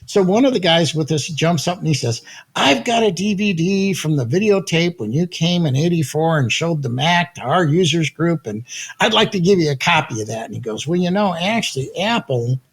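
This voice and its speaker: Husky, lively older man telling stories. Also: a little high, normal speed. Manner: lively anecdotes, acts out quotes, laughs often. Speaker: guest, audio company founder. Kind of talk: animated storytelling in conversation.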